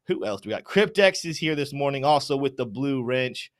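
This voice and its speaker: A young adult man hosts a live crypto market stream, giving upbeat, energetic shout-outs to chat names before turning to chart talk. His voice is mid-range, smooth and fairly quick.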